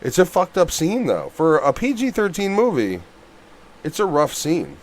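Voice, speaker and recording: A man's voice: fairly high pitch, normal speed, slight background noise. A man co-hosting a casual movie review podcast who talks bluntly, swears a lot and gets worked up. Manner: blunt, swears often, animated rants. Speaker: podcast co-host.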